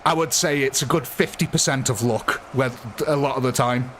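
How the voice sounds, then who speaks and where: A man's voice: mid-range voice, steady tone, normal speed, fairly bright tone, a little hiss or hum. A man chatting casually on a live gaming stream, rambling and laughing often.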